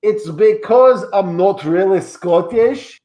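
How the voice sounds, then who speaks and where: Heard through an echoey video call, a man plays a self-important, boastful actor who rambles on about being Shrek, his fake accent wavering between Scottish and Australian. His voice is high and dark-toned, slow, and has its highs cut off.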